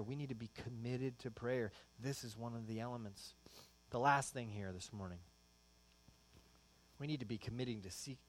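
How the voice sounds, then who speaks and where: A male pastor preaching a sermon, shifting into animated storytelling and acting out everyday exchanges with his kids. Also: medium pitch. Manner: animated storytelling, acts out his kids' voices.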